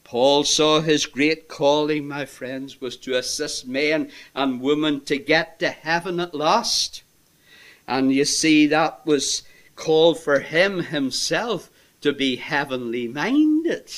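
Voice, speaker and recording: A man preaching a sermon in an impassioned way, swinging between loud emphasis and hushed asides. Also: fairly high pitch, slow.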